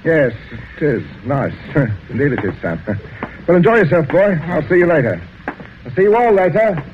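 An actor playing a genial but murderous father with a gun in an old radio drama, chuckling and smooth. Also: on the high side, very animated, moderate pace, slight background noise. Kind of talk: 1940s radio acting. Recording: dull old radio broadcast.

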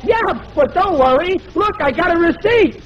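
A man playing a bumbling, excitable working-class young father in 1940s radio comedy style, with folksy, ungrammatical talk. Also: high voice, normal speed. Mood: frantic. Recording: muffled old radio broadcast with hiss.

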